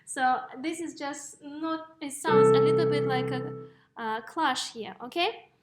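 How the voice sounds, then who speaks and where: High-voiced woman teaching music theory. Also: measured pace. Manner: explains step by step, checks in with "okay?" and "yes?". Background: piano notes played between phrases.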